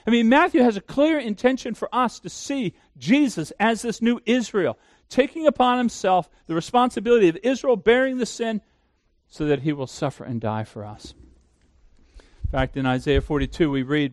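A man's voice: high-pitched, moderate pace, no echo, clean studio sound. A man preaching a sermon as pastor, emphatic, asking the listeners questions and answering them himself.

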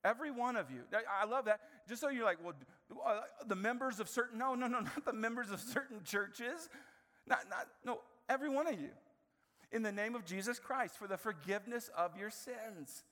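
A man preaching a sermon as pastor, animated, with playful asides and sudden swings between loud and quiet. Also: extremely high pitch, big-room sound. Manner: animated, playful asides, quick shifts in volume.

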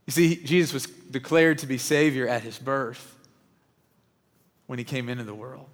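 A male pastor preaches with earnest conviction, often dropping his voice low and quiet. His pitch sits in an ordinary middle range. The sound carries the long reverb of a large hall. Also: fairly even intonation, normal speed, pauses often. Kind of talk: sermon with storytelling.

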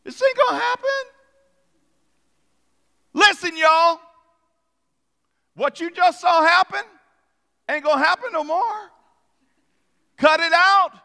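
A male pastor playing a pompous, passive-aggressive synagogue leader in a sermon, with a much higher, haughty voice. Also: lively intonation, slow, gravelly, pauses often, sharp tone, full character voice. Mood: indignant. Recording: long hall reverb.

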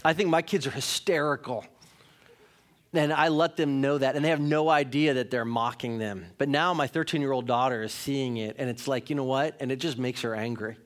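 Pastor in his thirties, frank conversational sermon style, medium-pitched male voice, pokes fun at himself. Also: steady tone, a little fast. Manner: conversational, candid storytelling with self-mocking humor.

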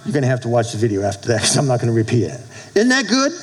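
A male pastor preaching a sermon to his congregation, animated, with call-and-response asides. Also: mid-range voice, rapid-fire, low-quality recording. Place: church with a congregation.

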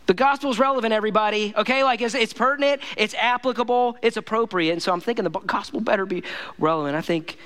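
Fast-talking, high-voiced male pastor preaching. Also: a bit bright. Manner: casual, emphatic preaching with many fillers. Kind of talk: sermon.

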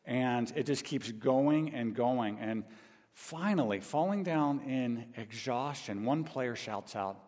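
A man's voice: medium pitch, slow pace, a little mellow. Male pastor, storytelling sermon full of restarts and "okay?" check-ins, long hall reverb. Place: large church hall.

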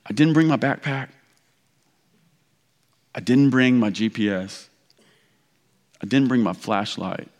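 A man from Kentucky preaching a sermon, telling a story in an animated, rambling, self-mocking way with many restarts. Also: mid-range voice, slow pace, long pauses. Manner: loud. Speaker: pastor. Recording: reverberant hall.

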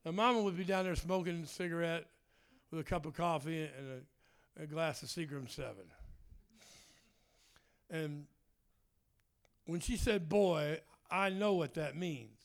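High, smooth-voiced preacher. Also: male voice, unhurried, long pauses. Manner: fervent shouted prayer, then folksy storytelling. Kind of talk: charismatic sermon and prayer.

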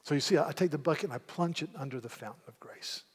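Emphatic preacher, slightly high voice. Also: male voice, quick pace, husky, long reverb tail. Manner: emphatic preaching, repeats words when restarting. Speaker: pastor. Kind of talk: sermon.

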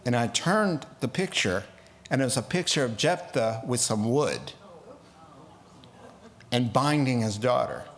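Animated, slow-talking man preaching. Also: mid-range voice. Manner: animated, acts out biblical characters with quick asides and laughs. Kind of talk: casual expository sermon.

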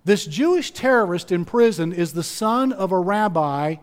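High-voiced man preaching a sermon. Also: long reverb tail. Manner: emphatic storytelling, repeats key phrases. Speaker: pastor.

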